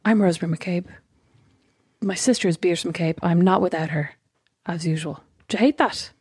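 A woman's voice: lowish voice, normal speed, a little mellow, breathy edge, no room sound, clean studio sound. A woman co-hosting a casual podcast, chatty and self-deprecating, laughing often. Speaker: podcast co-host. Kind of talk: casual chat.

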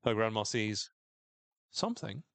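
A man's voice: on the low side, big pitch swings, a little slow, vocal fry, fairly bright tone, no room sound. A man co-hosting a podcast, recapping a show in casual chat with sardonic jokes and free swearing. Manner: sardonic, jokey, swears freely. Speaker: podcast co-host.

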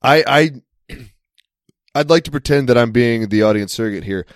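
A man's voice: mid-range voice, animated, normal speed, no echo, studio quality. Wry, crude-joking American guy. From United States. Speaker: podcast co-host. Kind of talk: casual chat.

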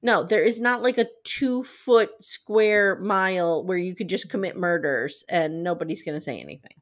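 A woman hosting a casual TV recap podcast, animated and swearing, acting out the scenes she retells. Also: fairly low pitch, normal speed. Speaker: podcast host.

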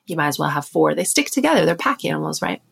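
A woman with a North American accent chatting as an interview guest, telling stories in a relaxed way. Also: low-pitched, fast talker, gravelly, husky. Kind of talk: casual interview chat.

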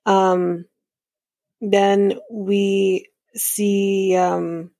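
A woman's voice: medium pitch, level tone, drawn-out words, creaky, mellow, no echo. A woman hosting a podcast, recapping a reality show in a chatty, rambling way with lots of fillers. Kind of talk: casual recap chat.

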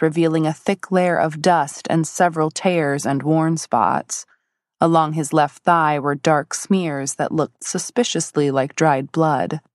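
Low-voiced woman narrating a novel. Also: dry recording, studio quality. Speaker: audiobook narrator. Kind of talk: scripted narration.

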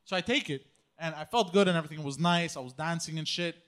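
A man's voice: fairly high pitch, fast talker, a bit bright. Guest storyteller: man with a raised voice, rambling, laughs a lot, swears freely. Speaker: podcast guest. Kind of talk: casual storytelling.

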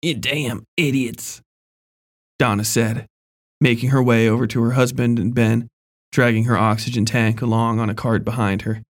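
A man reading a horror story aloud in a measured, even storytelling voice. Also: mid-range voice. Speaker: narrator. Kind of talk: scripted horror story narration.

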